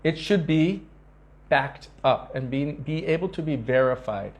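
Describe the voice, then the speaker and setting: Speaking a little slowly with lively intonation, a spiritual teacher gives an earnest devotional talk to his disciples. He tells stories with emphatic repetition and acts out quoted speech with sharp shifts in pitch.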